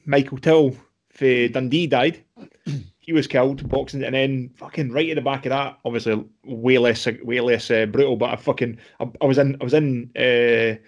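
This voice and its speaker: A Scottish man in his mid-thirties chats as a podcast guest. His talk rambles and is full of swearing, with quoted voices acted out along the way. His pitch sits right in the middle for a man. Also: fairly even intonation, moderate pace, lo-fi sound. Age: 30s. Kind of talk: casual podcast chat.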